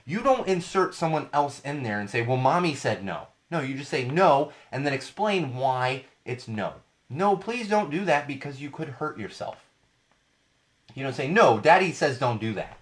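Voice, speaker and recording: Man, podcast host, casual parenting talk, emphatic, repeats points, lots of uhs, average pitch. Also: a bit bright. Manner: emphatic, repeats points, many fillers and restarts.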